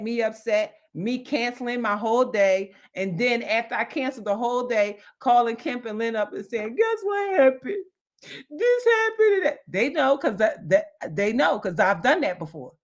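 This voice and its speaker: A middle-aged woman hosting a motivational livestream, emphatic and repeating her phrases for effect. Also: fairly high pitch. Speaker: livestream host.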